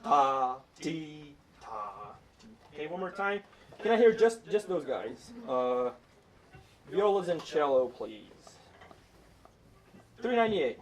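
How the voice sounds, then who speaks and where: Male conductor mid-rehearsal, high voice, distant mic, ensemble playing around him, sings rhythms as he explains. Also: very animated, a little slow, pauses often, a little mellow. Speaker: orchestra conductor. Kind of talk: rehearsal instructions. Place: orchestra rehearsal room. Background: orchestra playing.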